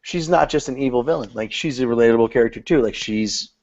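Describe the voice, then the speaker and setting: A man's voice: medium pitch, quick pace, darkish tone, a little hiss or hum. A man co-hosting a podcast, chatting casually and jokily about films, slipping into mock voices to quote scenes. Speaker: podcast co-host. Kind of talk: casual film discussion chat. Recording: dull lo-fi podcast audio.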